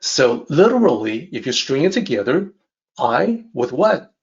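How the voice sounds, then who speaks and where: A man teaching a lesson on a classic text, calmly repeating and rephrasing each idea. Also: medium pitch, lo-fi sound. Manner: measured, repeats and rephrases ideas. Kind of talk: calm explanatory lesson.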